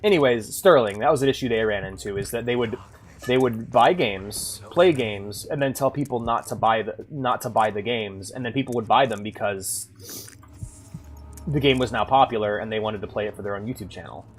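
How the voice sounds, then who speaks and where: A man's voice: lowish voice, fairly quick, a little hiss or hum. A young man streaming a horror game, chatting casually with his viewers in a rambling way full of restarts. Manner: rambling, talks to chat with many likes and restarts. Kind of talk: casual live-stream chat while gaming.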